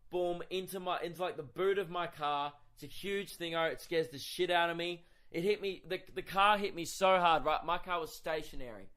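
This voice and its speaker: A young Australian man, a comedian hosting his own podcast, tells a story in an exasperated, profane, animated rant. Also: fairly high pitch. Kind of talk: casual comic storytelling monologue.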